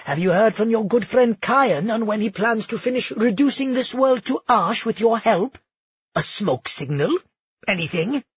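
A man's voice: fairly high pitch, very animated, extremely slow, few pauses, a little mellow, breathy edge, no echo, lo-fi sound, exaggerated voice. A man voicing a sarcastic male former assassin who taunts from his cell, mocking and sneering, in an audiobook.

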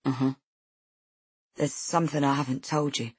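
A woman voicing a regretful young male naval officer, speaking softly and hesitantly. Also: a bass voice, steady tone, moderate pace, breathy edge, no echo, exaggerated voice. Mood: tender. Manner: soft, hesitant, voice breaking.

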